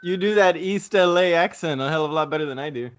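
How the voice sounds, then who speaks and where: A man's voice: fairly high pitch, quick pace, dull audio. A man chatting on a podcast, blunt and profane in his banter. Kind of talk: casual podcast chat.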